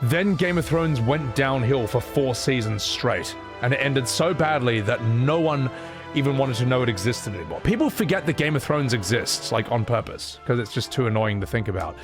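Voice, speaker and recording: Male streamer: chatty, lively voice, loose and profane; soft game music under him. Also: mid-range voice, moderate pace. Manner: animated, rambling, swears freely. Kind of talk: casual gameplay commentary.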